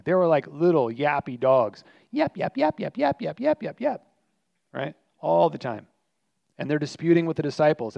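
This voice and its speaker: A man's voice: medium pitch, a little mellow, no room sound. Earnest male pastor preaching. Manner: earnest, emphatic preaching with repetition. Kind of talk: sermon. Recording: dry, slightly muffled recording.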